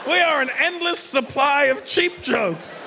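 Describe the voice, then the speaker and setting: A male stand-up comedian performing a brash, profane set and acting out characters in quick quoted voices, live on stage. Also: very high-pitched, vocal fry, sharp tone. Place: large theater with a live audience. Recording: live stage recording with crowd noise. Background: audience laughter.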